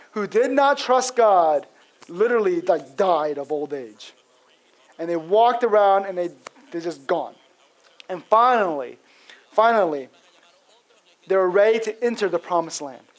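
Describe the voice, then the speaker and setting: A man's voice: very high voice, rough recording. A male pastor giving an expository sermon in a casual storytelling manner, acting out quotes with frequent fillers.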